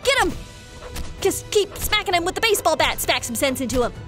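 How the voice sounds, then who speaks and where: High, animated woman narrating a game. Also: fast, faint music behind. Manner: excitable, dramatic gasps and exclamations. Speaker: gaming video host. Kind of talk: narrating a Roblox game while playing.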